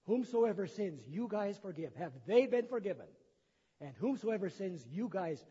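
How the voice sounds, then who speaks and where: High, sing-song, mellow, and a little rough, this man's voice moves at a normal speed as he preaches. The pastor reads the gospel in a church sanctuary, then retells it plainly with chatty asides, recorded with dull sound in a long-echo hall.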